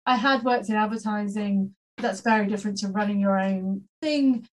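A woman guest on a podcast, talking in a playful, animated, self-mocking way. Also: medium pitch, moderate pace. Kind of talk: podcast interview.

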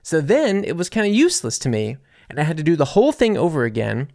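A young American man from Louisiana, telling a story in a casual, animated way with sarcasm and plenty of fillers and restarts. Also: on the high side, fast talker, creaky, no room sound, clean studio sound. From Louisiana, USA. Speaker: podcast host reading listener comments.

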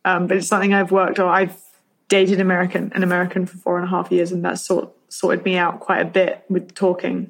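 A young woman with a British accent talks casually in an interview, in a fairly low voice. She stops and restarts a lot, searching for words, and keeps a dry, wry edge throughout. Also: monotone, brisk. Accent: British English. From Britain. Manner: hesitant, many fillers and restarts, dry humor. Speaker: interview guest, photographer.

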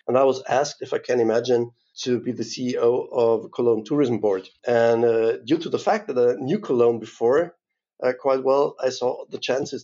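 A German-accented man speaks as a guest in an interview, pausing often with fillers and restarting his phrases. His voice is dark and mellow, and the recording sounds a little dull and muffled. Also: mid-range voice, breathy edge. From Bavaria, southern Germany. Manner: hesitant, many "uh" fillers and restarts. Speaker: tourism board CEO, guest. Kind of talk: interview answers.

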